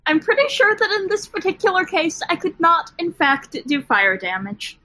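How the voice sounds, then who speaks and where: A woman's voice: very high voice, big pitch swings, normal speed, pushed and bright, dry recording, poor audio. A woman playing a tabletop game, speaking with careful, precise phrasing. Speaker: player. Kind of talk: casual tabletop game play.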